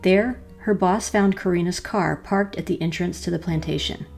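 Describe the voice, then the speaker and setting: A woman narrates a tale in a low, gravelly voice. Her delivery is measured and dramatic. The tone is dark and mellow throughout. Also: soft background music. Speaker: podcast host and storyteller. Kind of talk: storytelling narration.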